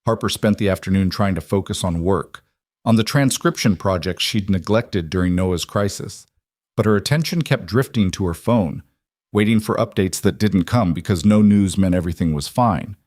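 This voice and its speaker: A man narrating a romance story in a measured, even storytelling manner. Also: sits low, no echo, clean studio sound.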